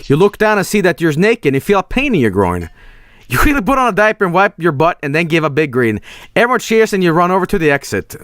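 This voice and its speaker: High, lively male streamer reading aloud. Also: fast talker, no echo, clean studio sound. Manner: animated, swearing, breaking into laughter. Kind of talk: reading an AI text adventure aloud.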